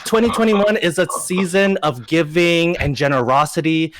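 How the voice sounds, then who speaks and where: A man captaining a gaming team clowns through a pregame interview. He is hammy and sarcastic, and his voice sits a little high. Faint background noise runs under his mic. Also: normal speed. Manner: goofy, theatrical, sarcastic. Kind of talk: playful trash-talking interview.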